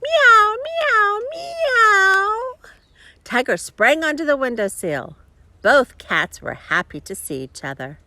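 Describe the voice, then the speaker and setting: A woman reading a children's story aloud, expressive, with chuckling asides to her listeners. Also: mid-range voice, moderate pace, dry recording. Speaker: storybook reader.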